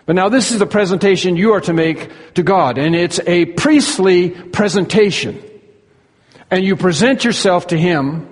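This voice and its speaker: Male preacher, somewhat high voice, earnest teaching sermon, long hall reverb. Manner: earnest expository preaching, stretches key words slowly.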